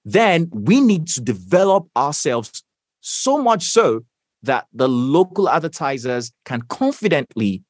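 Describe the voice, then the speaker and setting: Emphatic Nigerian man, lively dry voice. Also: fairly high pitch, dry recording. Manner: measured, emphatic, stresses key phrases. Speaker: voiceover artist guest. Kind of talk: interview answers.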